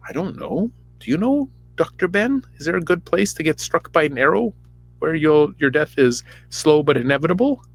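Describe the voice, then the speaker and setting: A podcast host retelling a story in a casual, crude, rambling comic manner. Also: male voice, on the high side, big pitch swings, normal speed, vocal fry, no room sound. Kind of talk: comedic storytelling.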